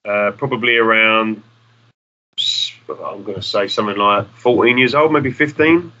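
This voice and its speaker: Bright-voiced musician telling stories. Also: male voice, fairly low pitch, normal speed, muffled recording. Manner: rambling, swears casually, acts out the people in his stories. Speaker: guest musician. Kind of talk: casual storytelling.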